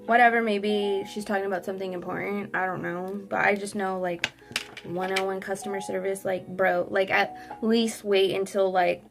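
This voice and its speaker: A young woman vlogger telling a sassy, animated storytime while doing her makeup. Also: medium pitch, normal speed, creaky, music in the background. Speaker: beauty vlogger. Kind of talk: get-ready-with-me storytime.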